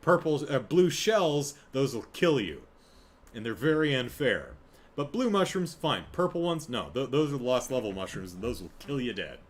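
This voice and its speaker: A man's voice: medium pitch, big pitch swings, moderate pace. A man hosting a podcast, chatting casually and rambling through a review, breaking off to laugh and act out quotes. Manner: rambling, self-interrupting, laughs, acts out quotes. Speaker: podcast host. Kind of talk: casual solo review chat.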